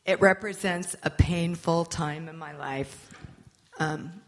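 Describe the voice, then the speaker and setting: Brief: middle-aged woman, low gravelly voice, unhurried, candid personal testimony. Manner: candid and rueful. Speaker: speaker sharing her faith testimony.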